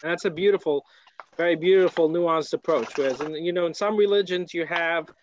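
A man's voice: a little high, brisk, dull audio, slight background noise. An American man teaching a Torah class, talking in a conversational way and asking rhetorical questions.

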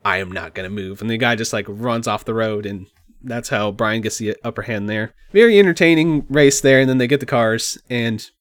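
Casual male podcast co-host, rambling movie recap, mid-pitch voice, dry close sound. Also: moderate pace, no room sound. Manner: relaxed, rambling, says "like" often.

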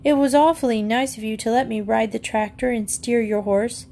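A woman's voice: a little high, fairly even intonation, moderate pace, gravelly, mellow. A woman reading aloud, voicing a flustered, remorseful young girl in a storybook.

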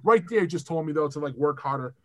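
A man's voice: fairly high pitch, quick pace. A young man from Massachusetts, a music producer guest, talking casually and profanely in a podcast chat. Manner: animated, profane, rambling.

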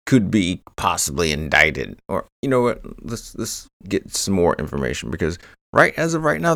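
A man's voice: sits low, creaky, fairly bright tone, no echo, clean studio sound. A man hosting a true crime podcast, rambling through the case with joking asides. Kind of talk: casual true crime narration.

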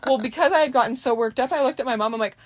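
A young woman chats on her podcast, spinning a long funny story and jumping into voices for everyone in it. Her voice sits a little high, and the recording is close and dry with no room sound at all. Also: very fast, no room sound. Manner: animated, laughing, acts out quotes. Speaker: podcast co-host. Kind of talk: casual storytelling chat.

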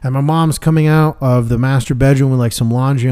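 A young man co-hosting a podcast, swearing constantly as he tells a story in lively casual chat with voiced quotes. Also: a little high, fast talker, hardly any pauses, clear, resonant tone. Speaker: podcast co-host.

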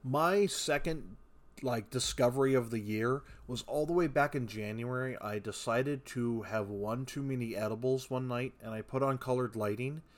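A man's voice: medium pitch, moderate pace. A man co-hosting a podcast, chatting in a laid-back way. He swears freely and often restarts his sentences, in an ordinary mid-range voice. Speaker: podcast co-host. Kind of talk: casual podcast chat.

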